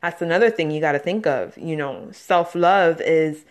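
A woman in her thirties talks through a self-help podcast in an earnest, conversational way. Her voice sits a little low, and her casual speech is full of "you know"s and light laughs. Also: normal speed. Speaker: podcast host.

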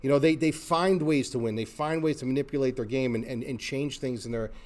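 A man's voice: medium pitch, brisk, darkish tone. Casual man breaking down a fight. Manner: conversational, rambling with many restarts. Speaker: combat sports analyst. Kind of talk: casual commentary.

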